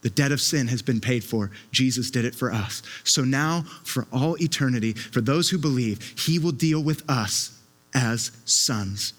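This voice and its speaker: A man's voice: medium pitch, unhurried. A man preaching a sermon with an impassioned, emphatic delivery, often repeating his words as he presses a point.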